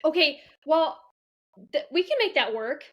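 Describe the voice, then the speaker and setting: A woman's voice: high voice, animated, unhurried, a bit bright. A woman co-hosting a casual podcast, playful and teasing in her banter. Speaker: podcast co-host. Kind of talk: casual chat among friends.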